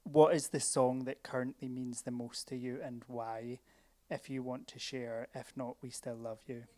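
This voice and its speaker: Flat-voiced interviewer reading questions. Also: mid-range voice, normal speed. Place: small theater stage.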